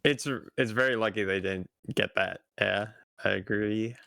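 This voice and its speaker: A young man chatting casually on a stream, easygoing and quick to laugh. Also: lowish voice, vocal fry, pushed and bright, no room sound. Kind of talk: casual chat.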